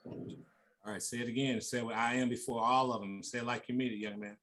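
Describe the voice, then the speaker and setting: A man's voice: medium pitch, fairly even intonation, fairly quick, poor audio. A man leading a youth workshop, coaching the group with encouraging call-and-response. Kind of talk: motivational workshop talk. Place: conference room. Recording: loud background noise.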